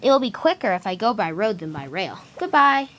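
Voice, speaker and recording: A woman's voice: mid-range voice, very animated, moderate pace, fairly bright tone, a little hiss or hum. A woman voicing an obliging male road bus in a toy-train story. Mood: eager.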